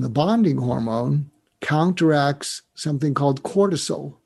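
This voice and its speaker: Man, psychiatrist guest, husky, earnest, step-by-step explainer, interview talk. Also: on the high side, a little mellow. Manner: earnest, reflective, walks through steps one by one; emotional when recalling a mentor.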